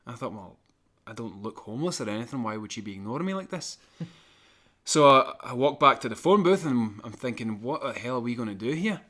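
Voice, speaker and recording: A man spinning a travel story for a podcast, his voice sitting at an ordinary middle pitch. He tells it in an animated, conversational way, with small chuckles between the lines. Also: brisk. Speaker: podcast co-host. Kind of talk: casual storytelling.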